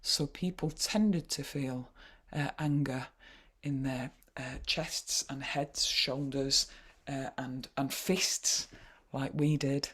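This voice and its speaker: A woman with a Yorkshire accent leading an online poetry workshop over a video call, chatty and wry, often pausing with "uh". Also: a bass voice, fairly even intonation, a bit bright, breathy edge. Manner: chatty, wry, frequent hesitations.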